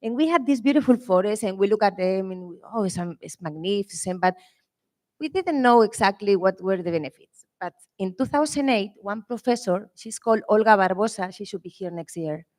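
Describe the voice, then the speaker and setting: A woman from Spain with a strong Spanish accent, speaking English as a panelist at a conference, earnest and halting with frequent "eh" fillers. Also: mid-range voice, a little mellow. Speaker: winery panelist. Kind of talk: conference talk. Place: conference room.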